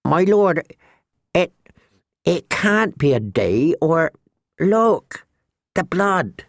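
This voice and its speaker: A man's voice: on the high side, big pitch swings, extremely slow, no room sound, clean studio sound, pitched above the performer's own voice, exaggerated voice. A man voicing a nervous, heavy young man who stammers and breaks off mid-phrase.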